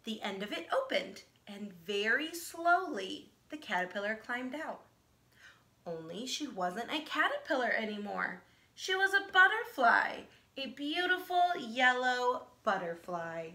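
A woman teacher reading a children's picture book aloud, animated and asking her listeners questions. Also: a little high, measured pace. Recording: echoey room.

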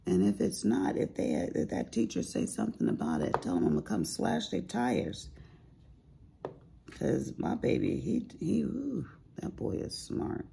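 A woman with a raspy, deep voice chatting casually to viewers at home while she does diamond painting, full of asides. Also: huge pitch swings, normal speed, warm tone, slight background noise. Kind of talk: casual chat while crafting.

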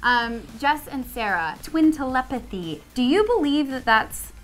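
A woman's voice: sits high, lively intonation, a little slow, fairly bright tone, soft background music. A young Midwestern woman hosting a casual interview, bubbly, giggly and gushing. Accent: Midwestern American. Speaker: interview host.

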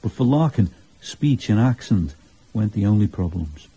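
Give me a man with a husky low voice narrating a radio documentary. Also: animated, moderate pace, warm tone. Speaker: presenter.

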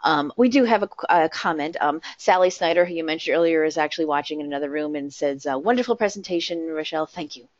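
A woman with an American Midwest accent hosting a webinar Q&A in a friendly, relaxed way with ums. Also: low-pitched, fast, no room sound. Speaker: webinar host. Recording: dull lo-fi online call audio.

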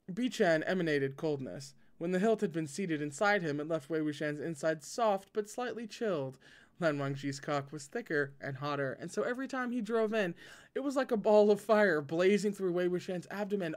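A man reads a novel aloud in a casual way, stopping often for wry, joking asides. His voice sits a little high for a man. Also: expressive, moderate pace. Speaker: host reading a novel aloud. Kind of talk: casual read-aloud with commentary.

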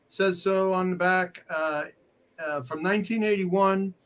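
A man's voice: high voice, fairly even intonation, unhurried, a bit bright. A man working as a comic art dealer, selling pieces on a live stream with playful, clowning banter and mock French. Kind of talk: joking live sales banter.

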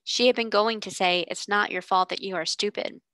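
A woman narrating a classic children's novel aloud in a measured storytelling manner. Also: mid-range voice, fairly even intonation, bright, forceful tone, dry recording, low-quality recording. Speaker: reader. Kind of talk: audiobook narration.

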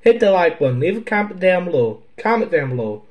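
A man's voice: high voice, big pitch swings, a little fast, darkish tone, poor audio. A man hosting his own video, wrapping up a silly skit in a playful, goofy way and talking straight to viewers. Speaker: video host. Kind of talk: silly improvised skit and channel outro.

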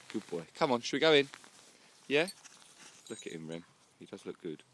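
A man talks casually while filming outdoors in a horse field, cooing at his horse between cheeky swear words. His pitch swings about a lot, and there is a little noise behind him. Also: very animated, unhurried, long pauses, fairly bright tone. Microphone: handheld camera.

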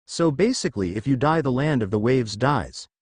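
A man reading the lines of a brash, cocky teenage boy ninja in a storybook, in a lively voice. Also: mid-range voice, moderate pace, slightly rough, dry recording. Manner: cocky and blunt.

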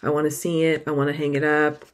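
A middle-aged woman chatting casually to camera about her stitching, excitable and gushing, with sudden high exclamations. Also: fast talker. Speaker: cross-stitch vlogger.

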